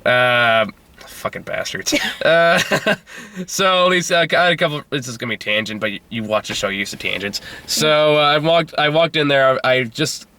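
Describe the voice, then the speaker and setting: Casting: male review host, animated delivery, bright tone, giggly and rambling. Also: a little high, normal speed, clear, resonant tone. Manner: laughs often, rambling tangents, swears casually. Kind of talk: casual chat.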